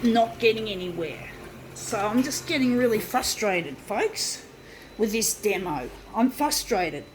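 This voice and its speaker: On a low-quality recording with slight background noise, a woman vlogger talks while doing a craft demo, hot, sweaty and trembling. She calls her viewers folks and swears frequently in a frustrated, casual monologue, her mid-range voice expressive and measured in pace.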